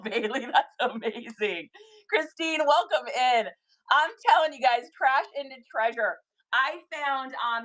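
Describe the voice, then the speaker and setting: A young woman hosting a reseller livestream, chatting excitedly with her viewers about thrift finds. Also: on the high side, poor audio. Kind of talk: casual livestream chat.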